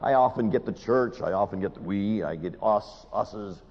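A man preaching a sermon, animated and pleading, with dramatic pauses. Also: on the low side. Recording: muffled hall recording with long reverb.

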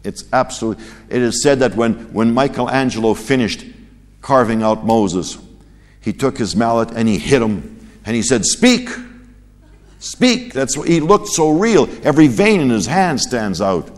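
Animated male preacher in a reverberant hall. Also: medium pitch, normal speed. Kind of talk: sermon.

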